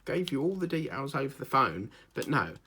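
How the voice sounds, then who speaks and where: A man's voice: mid-range voice, sing-song, moderate pace, bright, forceful tone, a little hiss or hum. A man hosting a craft channel, chatting casually and rambling from one topic to the next with lots of fillers and jokes. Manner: chatty, digressive, jokey, with many fillers.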